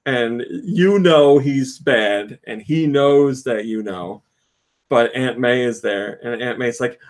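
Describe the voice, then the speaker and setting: A man's voice: mid-range voice, unhurried. A man hosting a casual podcast, retelling video game scenes with laughter and acted-out lines. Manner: animated storyteller, acts out game scenes with laughs. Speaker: podcast host.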